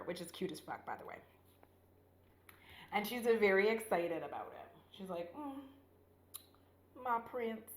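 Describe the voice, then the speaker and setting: A woman chatting through her makeup routine in a loose, rambling way, swearing freely as she retells a story. Her voice sits at a middling pitch. The room echo is clearly audible around her voice, as if she were recording on a camera mic. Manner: rambling, profane, animated retelling. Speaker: beauty vlogger. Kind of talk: casual get-ready-with-me chat. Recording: roomy echo.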